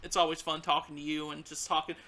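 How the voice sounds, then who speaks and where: A man's voice: fairly high pitch, flat delivery, quick pace, bright, forceful tone. A man in his twenties with a Southern US accent, hosting a casual podcast chat. He swears freely and laughs often. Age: 20s. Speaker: podcast host.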